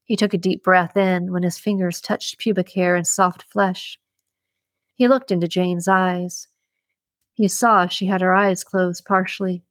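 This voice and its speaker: A woman reading a thriller audiobook in an even, measured way. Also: lowish voice, no echo. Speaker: audiobook narrator. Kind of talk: scripted audiobook narration.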